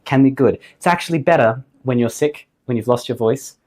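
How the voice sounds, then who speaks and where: A man giving a singing lesson to camera, upbeat and jokey, his voice slightly hoarse after the flu. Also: mid-range voice, brisk, a little mellow. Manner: upbeat, jokey, emphatic on key points. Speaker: singing teacher.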